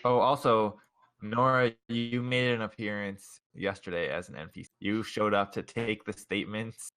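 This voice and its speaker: Young male game master, low bright voice, laughs a lot. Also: steady tone, normal speed. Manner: laughs often, loose and chatty. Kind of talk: running a tabletop game over voice chat.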